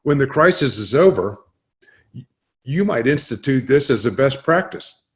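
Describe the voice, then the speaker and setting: A man co-hosting, explaining a communication framework in a steady, measured way. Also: mid-range voice. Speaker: co-host. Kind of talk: scripted explanation.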